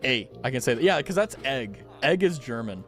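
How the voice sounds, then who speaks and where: A man's voice: mid-range voice, sing-song, moderate pace, a bit bright, faint music behind. A man streaming a game, chatting casually and playfully stumbling through foreign words with frequent giggles. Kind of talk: casual live game commentary.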